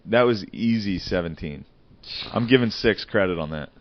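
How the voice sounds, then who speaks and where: A man's voice: fairly low pitch, expressive, normal speed, highs cut off. A man co-hosting a podcast in casual, joking chat, swearing freely and talking laid-back. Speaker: podcast co-host.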